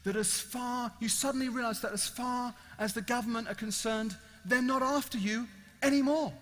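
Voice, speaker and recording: A man's voice: very high-pitched, fairly even intonation, normal speed, a bit bright. A man preaching an evangelistic sermon as a dramatic, emphatic storyteller. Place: large event hall. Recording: echoey large hall.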